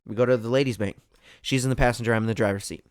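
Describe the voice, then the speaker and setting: A young man hosting a podcast, telling a story in a casual, animated way and laughing often. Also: mid-range voice, racing. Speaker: podcast host. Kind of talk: casual chat.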